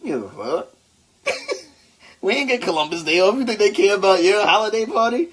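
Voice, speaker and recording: Slangy animated man podcasting. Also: sits high, a little fast. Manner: animated storyteller, acts out quotes, slangy. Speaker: podcast co-host. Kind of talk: casual banter.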